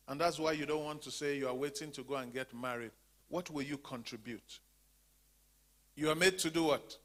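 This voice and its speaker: A man's voice: fairly high pitch, fairly bright tone. A man teaching a women's church class. He asks questions and leaves his sentences open for the group to finish, repeating key words for emphasis. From Zambia.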